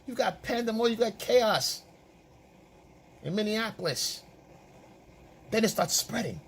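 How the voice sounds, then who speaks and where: A man's voice: high voice, expressive, a little slow, slight background noise. A man working as a dating and relationship coach, giving opinion commentary in an emphatic, repetitive, lecturing way.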